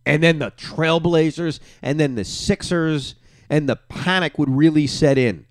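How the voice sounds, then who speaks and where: A middle-aged man hosting a podcast alone, ranting with euphoric excitement late at night on little sleep, jumping from yelling to hushed asides. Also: on the high side, measured pace, no echo. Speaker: podcast host. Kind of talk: excited solo sports reaction.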